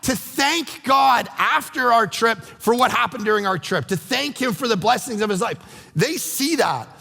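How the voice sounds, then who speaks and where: A man, a pastor, preaching a sermon with energetic, conversational storytelling in a church auditorium. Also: very high-pitched, moderate pace, vocal fry. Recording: echoey church hall.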